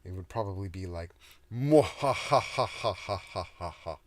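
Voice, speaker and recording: Soft-spoken, very low-voiced man reading. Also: fairly even intonation, unhurried, dry recording. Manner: casual, joking asides. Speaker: storyteller. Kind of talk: soothing audiobook reading.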